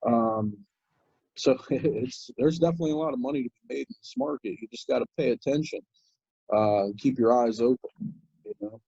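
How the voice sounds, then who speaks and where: Husky, mellow-voiced man on a lo-fi call. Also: medium pitch, fairly quick, dry recording. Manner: relaxed, rambling with many fillers and restarts. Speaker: guest crypto commentator. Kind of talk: casual chat.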